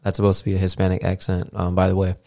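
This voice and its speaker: Man, podcast host, casual rambling monologue, lots of fillers, curses casually, low voice. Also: completely flat delivery, racing, gravelly, dark tone, no echo, studio quality. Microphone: podcast mixer with studio mic.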